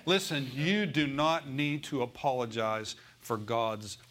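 Preaching a folksy sermon in church, this male pastor has a medium pitch with a slightly bright tone. He calls on the congregation for replies and eases his pace to read scripture aloud.

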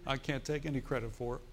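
A middle-aged male pastor preaching a sermon in a church, telling a story with emphatic bursts. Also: medium pitch.

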